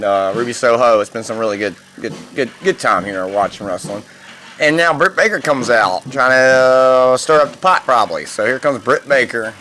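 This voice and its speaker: A man with a bright, forceful voice hosts a loose wrestling podcast. He rambles and reacts excitedly, dropping swear words as he goes. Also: medium pitch. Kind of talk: casual live wrestling review chat.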